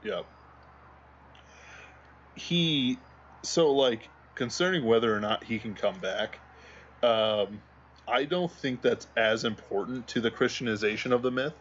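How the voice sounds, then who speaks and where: A man's voice: mid-range voice, measured pace, long pauses, a bit bright, lo-fi sound, slight background noise. A man co-hosting a livestream in casual chat, rambling while hunting for memes. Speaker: livestream co-host.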